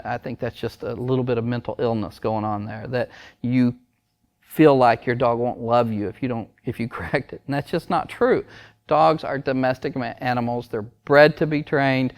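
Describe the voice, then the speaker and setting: A man, a dog trainer, ranting to camera in a blunt, emphatic, preachy way. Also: medium pitch. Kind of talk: opinion rant to camera.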